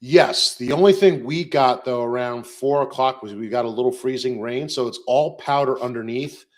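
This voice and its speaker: A young man in a casual podcast chat, speaking at a middle pitch. He rambles along easily, pausing with fillers as he recalls things. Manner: easygoing, rambling recaps with fillers. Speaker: podcast co-host.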